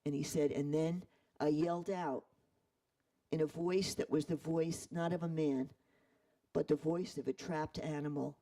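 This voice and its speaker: A man retelling a story in an animated way, acting out the quoted voices. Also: on the high side, measured pace, distant mic, low-quality recording. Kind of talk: storytelling talk.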